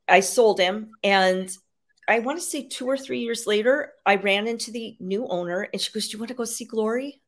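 A woman's voice: medium pitch, gravelly. A woman guest, an animal communicator and medium, telling stories in a rambling, casual way with frequent fillers. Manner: rambling, filler-heavy, frequent "you know". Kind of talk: casual storytelling interview.

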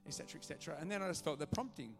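A male pastor preaching a sermon to a church congregation, animated and acting out the voices in his stories. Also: on the high side, rapid-fire, vocal fry, music in the background. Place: church auditorium.

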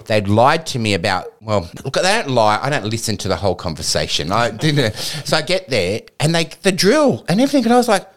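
Animated, swearing man telling stories. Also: medium pitch, brisk, few pauses. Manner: animated, profane storyteller who slips into excited mock-quoting. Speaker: podcast co-host. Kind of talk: casual chat.

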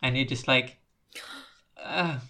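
A man's voice: mid-range voice, expressive, moderate pace, pushed and bright, a little hiss or hum. A man on a casual podcast, retelling a film's plot in a rambling way and acting out quotes. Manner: rambling storyteller, acts out quotes. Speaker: podcast co-host recapping a film. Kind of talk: casual chat.

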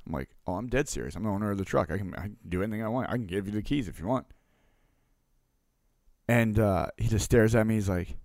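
A man with a low, gravelly voice tells a story about his food truck, candid and salty with the odd curse. He plays out both sides of a run-in, speaking very close to a dry-sounding mic. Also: expressive, quick pace, darkish tone, no echo. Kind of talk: casual storytelling.

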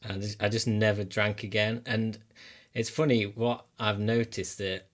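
A man's voice: fairly low pitch, little pitch movement, moderate pace. A man hosting a podcast, chatting casually and agreeably and asking his guest open questions. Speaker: podcast host. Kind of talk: casual interview chat.

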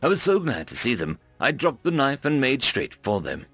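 A man voicing a shaken human man who sees himself as a coward, telling his story in a rueful, halting way. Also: medium pitch, wildly swooping pitch, a bit bright, dry recording, faint music behind.

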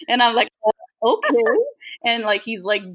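A woman's voice: a little high, level tone, moderate pace, a bit bright. A woman co-hosting a podcast, telling a personal story in casual, profane chat. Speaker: podcast co-host.

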